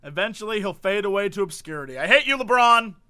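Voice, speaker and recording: He's a man with an unusually high, bright voice that bounces all over the place as he co-hosts a loose comedy podcast. He jokes through the news segments and keeps collapsing into giggles. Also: expressive, fast. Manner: giggly, breaks into laughter often. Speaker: podcast co-host. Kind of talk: casual comedic banter.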